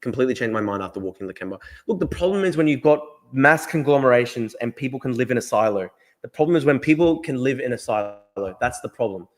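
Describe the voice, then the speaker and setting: A man with an Australian accent rattles through his points at a fast clip, chatting casually on his livestream. He talks emphatically, circles back to repeat himself and swears freely, at a middling pitch. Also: lively intonation. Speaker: livestream host. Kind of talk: casual political livestream talk.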